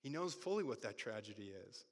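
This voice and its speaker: A man preaching a sermon as pastor, reading scripture and retelling it with vivid, animated bursts of emphasis. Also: mid-range voice, brisk. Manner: animated storytelling with sudden loud bursts. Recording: long hall reverb.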